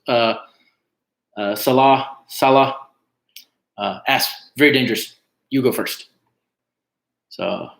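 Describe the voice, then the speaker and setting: A man hosts a trivia night in a relaxed, chatty way, with plenty of "uh"s as he goes. His voice sits at an ordinary middle pitch. The room around him is echoey. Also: vocal fry. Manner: chatty, reads out team names, frequent "uh" fillers. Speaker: trivia host. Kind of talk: casual livestream chat.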